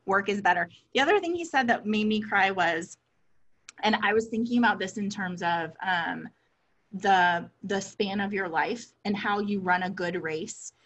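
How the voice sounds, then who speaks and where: A woman's voice: mid-range voice, unhurried, a bit bright. A woman co-hosting a casual chat, effusive and affectionate, with frequent "like" and "um" fillers. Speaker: podcast co-host.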